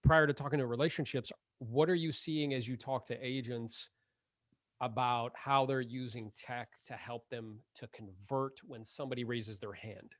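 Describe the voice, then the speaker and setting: Animated podcast host man, dry close sound. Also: mid-range voice, normal speed, no room sound. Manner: animated, laughs often, filler-heavy. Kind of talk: casual interview chat.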